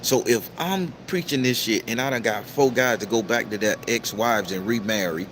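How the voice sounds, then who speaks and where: A man's voice: normal speed, noisy background. Profane, preachy man on a livestream. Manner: profane, preachy and emphatic, with sudden high-pitched outbursts. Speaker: tarot reader and livestream host. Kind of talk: casual livestream talk, reading out viewer comments.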